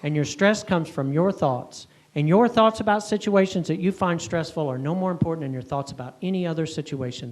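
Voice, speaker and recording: A man's voice: a little high, a little fast, few pauses. A middle-aged man doing stand-up, telling a self-mocking story in a punchy way and often asking "right?". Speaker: comedian and speaker.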